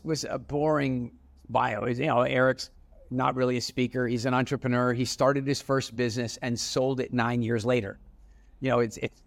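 A middle-aged man speaks at a mid pitch with a gravelly, creaky edge to his voice. He tells stories as an interview guest, animated and full of restarts, slipping into the voices of the people he quotes. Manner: animated storyteller with many restarts, acting out dialogue. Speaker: entrepreneur guest. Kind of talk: casual storytelling interview.

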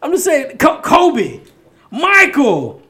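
Very high-voiced, teasing man. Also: wildly swooping pitch, takes it slowly. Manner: loud, teasing, laughs often. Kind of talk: casual chat.

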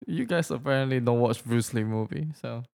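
A man's voice: medium pitch, fairly quick, creaky, a little mellow. A man with an Indonesian accent, chatting casually and stumbling playfully over English words. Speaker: vlog co-host. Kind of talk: casual pronunciation challenge.

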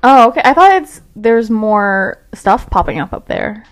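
A woman co-hosting a casual podcast, reacting to a story with laughs and quick questions. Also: medium pitch, lively intonation. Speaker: podcast co-host. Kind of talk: casual chat.

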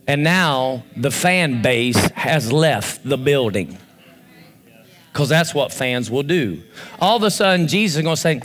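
A man pastor preaching a lively sermon, acting out voices and rising to shouts. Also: mid-range voice, measured pace. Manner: animated preacher, acts out voices, rises to shouts.

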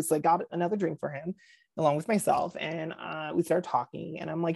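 A man in his thirties, co-hosting a podcast in casual chat, telling animated stories full of acted-out quotes and frequent laughter. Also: high-pitched, fast, gravelly, no room sound, clean studio sound. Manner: animated storyteller acting out quotes, laughs often. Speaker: podcast co-host.

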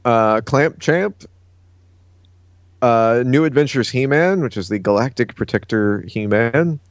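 A man's voice: mid-range voice, unhurried, dry recording, clean studio sound. A man co-hosting a casual podcast, reading out news from his notes with lots of uh fillers. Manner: relaxed, reads from notes with frequent uh fillers.

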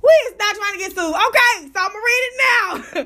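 A young woman's very high, sharp, bright voice fills this casual podcast commentary. She talks brashly and swears freely, laughing her way through rambling stories as the show's host. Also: fairly quick, hardly any pauses. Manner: brash, profane, laughing storyteller.

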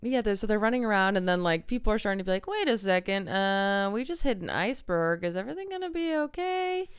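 A young woman co-hosting a podcast, retelling a story in a lively, casual way and acting out quotes. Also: mid-range voice, fast, clean tone, dry recording, clean studio sound. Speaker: podcast co-host. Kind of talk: casual chat.

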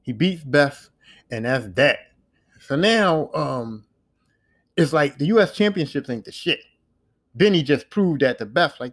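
A man's voice: fairly high pitch, animated, measured pace, pauses often, a bit bright. Slangy, profane man recapping a show. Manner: profane slangy retelling, acting out characters' lines. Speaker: podcast host.

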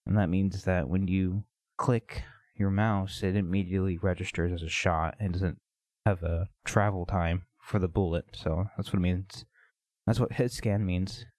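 A man hosting his own podcast, talking through personal thoughts in a reflective, halting way with many pauses. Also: sits low, steady tone, darkish tone, no room sound. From United States. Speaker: podcast host. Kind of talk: personal confessional podcast monologue.

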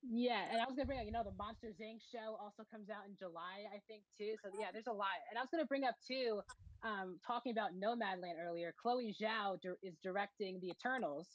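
A woman's voice: mid-range voice, brisk, no room sound. Matter-of-fact woman reviewing movies, lo-fi. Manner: matter-of-fact, frequent ums. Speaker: podcast co-host, movie reviewer. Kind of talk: casual chat, reviewing movies.

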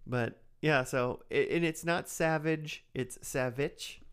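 A man's voice: mid-range voice, measured pace, a bit bright, smooth. A man co-hosting a podcast, recapping an episode in rambling casual chat with many fillers. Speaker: podcast co-host recapping a cartoon.

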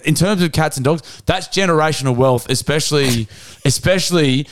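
Sweary Australian bloke on a podcast. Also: male voice, a little high, moderate pace, no echo. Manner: sweary, jokey, cracks up reading the news. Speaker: podcast co-host. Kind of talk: casual chat.

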